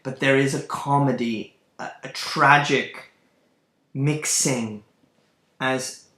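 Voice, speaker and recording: Speaking slowly with fairly even intonation, a literature lecturer with a mid-range, pushed and bright voice discusses a play. His delivery is thoughtful and halting, with fillers and restarts, captured in a recorded lecture with roomy echo.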